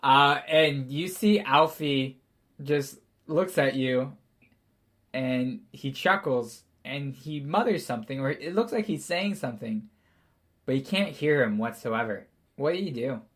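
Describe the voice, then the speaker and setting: Male GM, loose rambling narration, quick to laugh. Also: medium pitch, lively intonation, fairly bright tone. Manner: casual, rambling, laughs often. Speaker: game master. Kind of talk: narrating a tabletop game.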